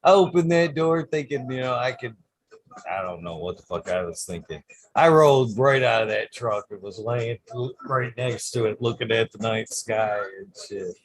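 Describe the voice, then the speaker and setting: A man's voice: medium pitch, normal speed. A man hosting a podcast, telling wild stories in a casual, profane chat. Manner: profane, animated storyteller. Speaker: podcast host.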